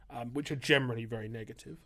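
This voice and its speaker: A man's voice: medium pitch, steady tone, very fast, fairly bright tone. A man who is a priest and writer, answering interview questions in a thoughtful, discursive way, with frequent hesitations and restarts. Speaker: priest and writer, podcast guest.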